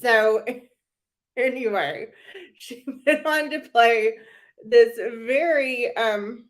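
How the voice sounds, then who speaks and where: A woman's voice: a little high, drawn-out words. A young woman hosting a casual commentary chat, gossipy and sarcastic, often breaking into giggles. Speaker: channel host.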